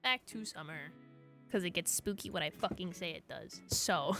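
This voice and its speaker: Bright-voiced woman reading fan fiction aloud. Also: fairly low pitch, normal speed. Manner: gushing, giggly and profane between passages. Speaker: streamer. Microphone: desk microphone. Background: faint background music.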